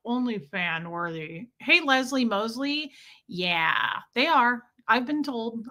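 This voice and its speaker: A woman's voice: medium pitch, pushed and bright. A woman hosting a casual livestream, chatting and joking while greeting viewers by name. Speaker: livestream host greeting chat.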